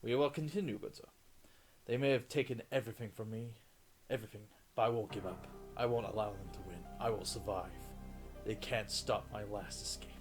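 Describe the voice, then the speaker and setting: A man's voice: on the low side, steady tone, a little fast, soft background music, lightly acted. A man putting on a brooding, defiant survivor. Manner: dramatic, brooding declamation. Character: defiant grim male survivor vowing to escape.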